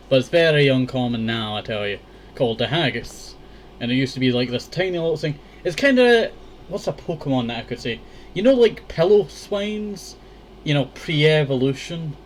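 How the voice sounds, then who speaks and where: A man's voice: mid-range voice, slight background noise. A Scottish man giving casual, rambling let's-play commentary full of "you know" fillers.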